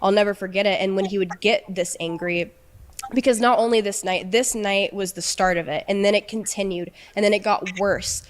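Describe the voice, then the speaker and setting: A young woman with a mid-range voice gives an emotional personal account. She talks in a halting, earnest way, often restarting her sentences. Her tone stays subdued as she recounts what happened. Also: mid-range voice, steady tone. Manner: halting, many restarts and fillers. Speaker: interviewee recounting a relationship.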